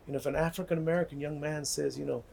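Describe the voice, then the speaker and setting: Gravelly older man telling stories. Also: on the high side, fairly even intonation, racing, darkish tone, slight background noise. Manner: earnest, repeats words, asks "right?" often. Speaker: guest speaker on healing. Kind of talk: conversational storytelling.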